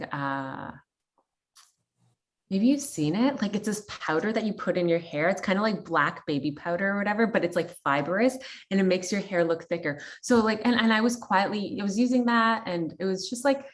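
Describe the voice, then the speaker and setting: A woman's voice: medium pitch, moderate pace. A woman in her thirties from Canada, sharing a personal story in a candid, chatty way full of fillers and quoted thoughts. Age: 30s. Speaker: guest.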